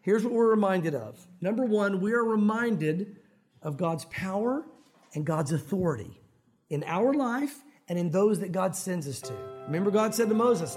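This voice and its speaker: A man delivers a sermon in a casual, conversational way. His voice sits high for a man, and he slips into acted quotes and swings between soft, slow emphasis and bright, lifted lines. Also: animated, soft background music. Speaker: pastor.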